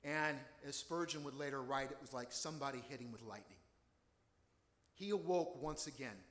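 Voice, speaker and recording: A man preaching a sermon and telling a story in a measured, earnest way. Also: mid-range voice, a bit bright. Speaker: pastor. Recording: echoey hall with long reverb.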